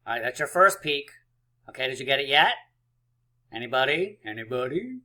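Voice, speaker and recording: Male teacher for a kids' math video, cheerful and encouraging, bright forward tone. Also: mid-range voice, lively intonation, fast. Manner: encouraging, playful, counts aloud. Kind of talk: math lesson for young children.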